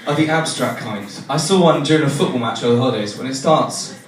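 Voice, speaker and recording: A man's voice: medium pitch, fast, crowd noise. A young man from England performing a stand-up comedy set, telling self-deprecating stories and acting out the people in them. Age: young adult. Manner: self-deprecating, animated storytelling with acted-out voices. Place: comedy venue with a laughing audience. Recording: echoey room from far off, noisy.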